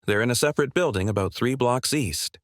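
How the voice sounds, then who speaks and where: A man's voice: medium pitch, animated, a little fast, no room sound, clean studio sound, natural voice. A male narrator reading the lines of a smug, condescending car sales manager who talks down to people.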